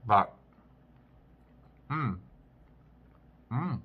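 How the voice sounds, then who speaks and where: A man casually vlogging while eating, chatting with frequent restarts and pauses to chew. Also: medium pitch, animated, bright, forceful tone. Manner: chatty, chewing between sentences; rambling with many restarts. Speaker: vlogger, flight attendant.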